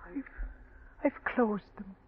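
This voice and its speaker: A woman's voice: a little high, lively intonation, slow pace, gravelly, exaggerated voice. Grieving old mother. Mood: fearful. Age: older. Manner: trembling, pleading, sobbing delivery. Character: grieving old Irish mother, frantic and sorrowful. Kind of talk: 1940s radio acting. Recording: tinny scratchy old radio broadcast.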